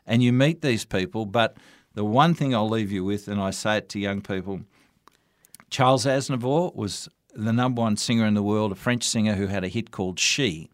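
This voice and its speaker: An older Australian broadcaster recounts his years as an MC, voice sitting a little low. The sound is dry and close, with no room around it. He tells his stories with quoted dialogue. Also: normal speed, no echo. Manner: anecdotal, warm storytelling with quoted dialogue. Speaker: radio broadcaster and MC. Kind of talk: storytelling interview answers.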